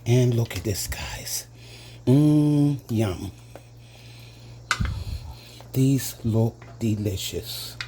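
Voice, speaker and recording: A man's voice: fairly low pitch, drawn-out words, long pauses, noisy background. A man hosting a casual cooking demonstration in a home kitchen, chatting to his viewers as "guys" and savoring each taste with little hums. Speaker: home cooking channel host.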